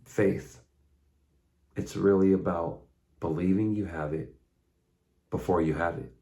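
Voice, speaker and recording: A man's voice: low-pitched, fairly even intonation, measured pace, warm tone. A man giving an earnest, conversational faith talk, retelling stories with casual asides. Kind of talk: spoken faith monologue.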